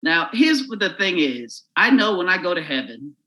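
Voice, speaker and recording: A man, a comedian, telling a crude, animated story while chatting as a podcast guest. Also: sits high, moderate pace, poor audio.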